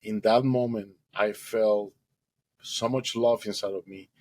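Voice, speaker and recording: A man's voice: fairly low pitch, steady tone, measured pace, darkish tone, low-quality recording. A man telling his own story of a near-death rescue as an earnest personal testimony, speaking with emotion and simple non-native grammar.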